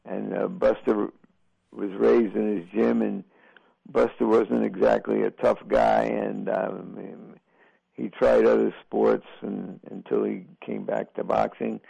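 Older male broadcaster in an interview, deep gravelly rasp, unhurried and halting, on a dull lo-fi recording. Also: little pitch movement, dark tone, no room sound. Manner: slow, halting storytelling with many fillers. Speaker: boxing broadcaster. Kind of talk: reflective interview answers.

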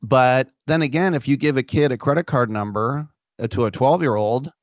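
A man's voice: mid-range voice, moderate pace, no echo, clean studio sound. A man hosting a talk show, giving his casual opinions in a wry, conversational way with fillers. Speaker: radio host.

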